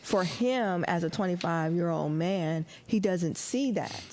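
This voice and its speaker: A woman's voice: lowish voice, unhurried, a little hiss or hum. A middle-aged woman, a stand-up comedian, chatting on a podcast and telling a story with lots of acted-out dialogue and laughter. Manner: animated storyteller, acts out dialogue, laughs often. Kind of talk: casual podcast chat.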